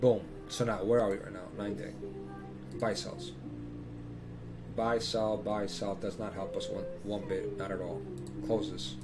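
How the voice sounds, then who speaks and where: A man's voice: lowish voice, flat delivery, unhurried, pauses often, over music. A man giving casual chart commentary as host of his channel, emphatic and repetitive, swearing freely. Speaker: crypto chart analyst hosting his channel.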